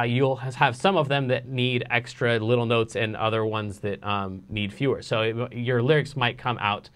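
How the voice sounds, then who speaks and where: A man teaching a casual songwriting lesson, explaining in a relaxed way with lots of fillers. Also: medium pitch, moderate pace, few pauses, a little hiss or hum.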